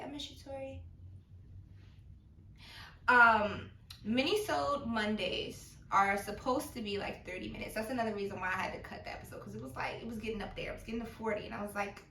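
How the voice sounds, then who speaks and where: A woman's voice: mid-range voice, sharp tone, echoey room, distant mic, slight background noise. A woman hosting a casual podcast, laughing often and talking loosely with plenty of fillers. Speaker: podcast host.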